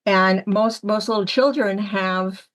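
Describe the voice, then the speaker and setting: Woman storyteller from upstate New York, lively with the quoted voices. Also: mid-range voice, slow pace. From Syracuse, New York area. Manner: animated storyteller acting out quoted lines. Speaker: medium, panel guest. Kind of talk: storytelling on a panel podcast.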